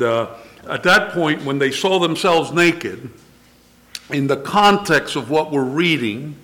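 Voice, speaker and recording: An older man preaching a sermon, slow and emphatic, asking rhetorical questions and quoting scripture in old-fashioned wording. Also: medium pitch, a bit bright.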